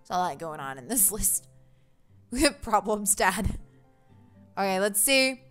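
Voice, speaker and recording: A woman's voice: medium pitch, big pitch swings, measured pace, fairly bright tone, soft background music. A young woman streaming a dating game, chatting casually with viewers in a giggly, self-mocking way. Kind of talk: casual livestream commentary.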